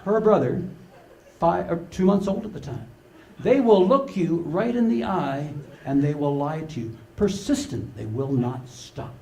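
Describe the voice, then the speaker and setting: An older man giving a humorous keynote to a conference audience, an animated storyteller who acts out the dialogue. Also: a little high, a little slow, a little hiss or hum. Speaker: conference speaker. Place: large conference hall with live audience. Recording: echoey conference hall.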